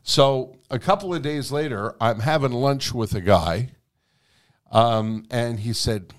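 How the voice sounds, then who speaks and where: A man telling a long anecdote as a guest in a conversation, animated and freely swearing. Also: mid-range voice, slow. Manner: animated, profane storytelling. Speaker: guest storyteller.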